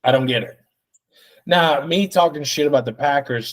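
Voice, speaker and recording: A man in his thirties hosting a solo podcast, rambling and excitable with plenty of swearing. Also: a little high, normal speed. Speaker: podcast host.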